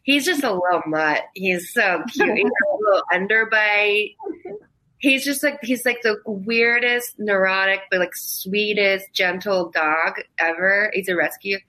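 Bright-voiced rambling woman. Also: medium pitch, a little slow, low-quality recording. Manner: rambling, self-interrupting, laughs through grief. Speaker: podcast guest. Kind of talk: casual chat.

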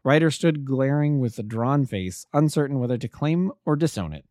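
A man, an amateur narrator, reading a classic story aloud in a steady, plain way. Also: mid-range voice, normal speed, dry recording, studio quality. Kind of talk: audiobook narration.

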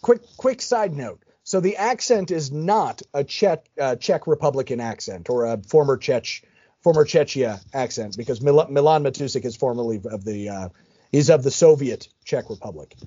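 A man chats and jokes on a podcast, his voice lively and moving widely in pitch. The tone is mellow with a husky edge, and the recording sounds a little dull and lo-fi. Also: moderate pace, no echo. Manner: animated, joking, chatty. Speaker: podcast co-host. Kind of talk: casual podcast chat.

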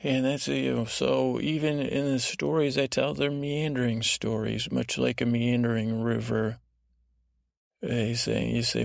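A man hosting a podcast, talking in a meandering bedtime monologue with a lulling, drowsy tone and many halting restarts. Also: medium pitch, little pitch movement, creaky, no echo, clean studio sound. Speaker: podcast host.

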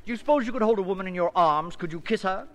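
Pompous fussy film director, high swoopy voice, old radio play with hall echo. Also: male voice, expressive, racing, fairly bright tone. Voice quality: affected, theatrical drawl. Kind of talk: 1940s radio acting.

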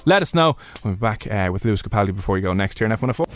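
A man's voice: on the low side, expressive. An Irish man co-hosting a radio show, chatting casually and teasing his co-host. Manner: chatty, teasing, quick asides.

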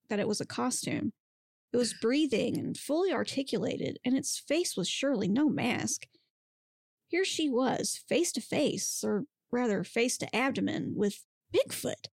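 Woman narrating, with vocal fry. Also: a little high, darkish tone, no room sound, studio quality. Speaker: podcast host. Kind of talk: reading a monster romance aloud.

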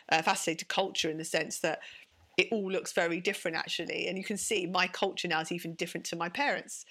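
A bright-voiced woman with a London accent talks fast as an interview guest. She speaks with lively energy, often stumbling over and repeating her first words before she finds the thought. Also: fairly low pitch. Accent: London English. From London, England. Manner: quick, animated, with frequent restarts and repeated words. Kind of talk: conversational interview.

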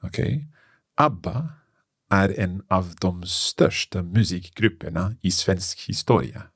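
Deep gravelly man learning a language. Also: expressive, no echo, clean studio sound. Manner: halting, thinking aloud, laughs often. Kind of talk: casual language lesson.

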